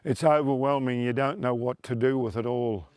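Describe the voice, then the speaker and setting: A man in a news interview, speaking in an emotional, halting way. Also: medium pitch, steady tone, a little mellow, smooth, no room sound.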